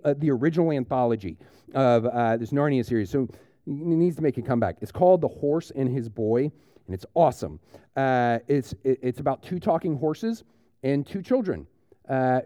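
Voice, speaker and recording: A man, preaching a conversational sermon and retelling a story with lively restarts. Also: medium pitch, no echo, clean studio sound. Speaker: pastor.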